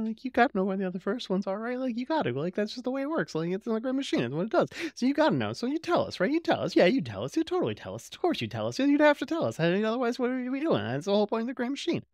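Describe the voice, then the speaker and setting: A man mimicking a giddy alien lord who keeps nagging and wheedling in a high, rambling voice. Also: very animated, rapid-fire, few pauses, a little mellow, dry recording.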